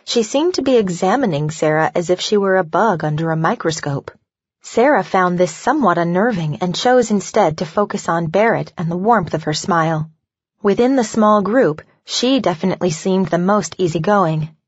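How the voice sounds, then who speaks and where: A woman narrating an audiobook in an even, measured reading. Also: fairly low pitch, husky, dry recording, muffled recording. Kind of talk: scripted narration.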